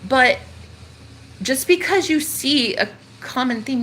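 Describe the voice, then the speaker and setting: A woman's voice: high voice, lively intonation, slow pace, pauses often, a bit bright, a little hiss or hum. A young woman talking casually on a livestream, rambling and swearing as she addresses her viewers.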